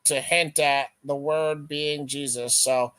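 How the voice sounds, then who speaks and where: A man in a casual debate on an open panel, arguing his side animatedly and acting out quick imagined exchanges. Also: a little high, steady tone, a bit bright, smooth, dry recording. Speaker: Christian apologist on an open panel.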